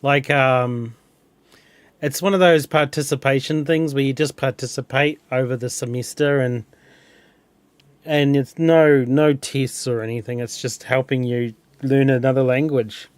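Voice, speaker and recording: A man's voice: medium pitch, fairly even intonation, unhurried, smooth, no room sound. A young man chatting casually over a game, rambling, chuckling often and restarting words. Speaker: gameplay streamer. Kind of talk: casual gameplay chat.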